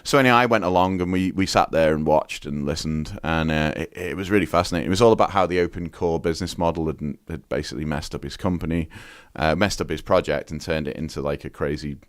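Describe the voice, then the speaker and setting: A man's voice: very deep voice, fast talker, dry recording, clean studio sound. A man from the UK chatting as a podcast guest, telling rambling stories full of fillers and restarts. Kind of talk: casual chat.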